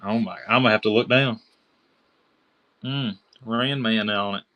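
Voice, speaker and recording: Kentucky man, low-pitched, excitable live auction seller who keeps naming his bidders. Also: measured pace. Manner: chatty, excited, calls out bidders by name. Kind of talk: live-stream auction selling.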